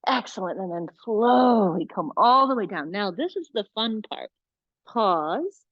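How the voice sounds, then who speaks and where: A woman's voice: mid-range voice, animated, a little slow, no echo, highs cut off. A woman leading a live yoga class, chatty and encouraging, with playful asides. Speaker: yoga teacher.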